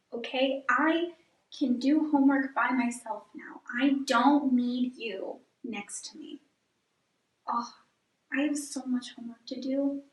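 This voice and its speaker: A woman speaking in a sulky, petulant way in an amateur comedy skit. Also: high-pitched. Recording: echoey room from far off.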